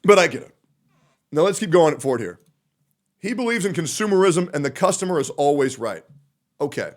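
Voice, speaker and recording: A man's voice: a little high, very animated, brisk. A male streamer in a blunt, profane, sarcastic livestream reaction rant.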